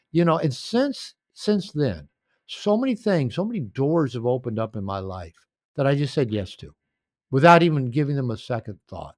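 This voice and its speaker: A man's voice: medium pitch, sing-song, normal speed, no room sound, studio quality. An older man telling stories in a podcast interview, rambling and anecdotal, recorded at home. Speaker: author and coach.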